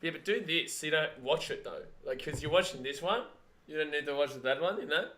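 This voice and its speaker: An excitable man hosts a casual live watch-along of a rugby league match, chatting with a mate and now and then yelling at the screen. His voice is sharp and bright, and sits fairly high for a man. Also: fairly quick.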